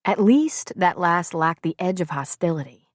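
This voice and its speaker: A woman with a lowish voice reads a novel aloud as an audiobook narrator, giving the men's dialogue small shifts in tone. The sound is close and dry, with no room around it. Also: lively intonation, normal speed, dry recording. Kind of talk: scripted narration.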